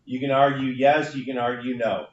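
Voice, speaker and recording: A man's voice: medium pitch, steady tone, normal speed. A man teaching a university class, explaining ideas step by step and often checking in with "right?". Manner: explanatory, frequent "right?" tag questions. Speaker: university instructor. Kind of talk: classroom lecture. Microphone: room recording from a distance. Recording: echoey classroom from far off, dull.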